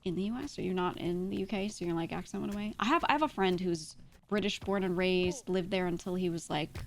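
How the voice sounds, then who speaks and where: A woman's voice: fairly low pitch, fast talker, a little hiss or hum. A woman streamer talking in a casual, rambling way, swearing freely and laughing often.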